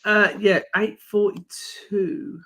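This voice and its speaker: A man's voice: high voice, fairly even intonation, slow, creaky, pushed and bright. A man co-hosting a football fan live stream, reading out comments and fixtures in an easygoing way. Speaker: co-host reading donations and comments. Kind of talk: casual live stream reaction chat.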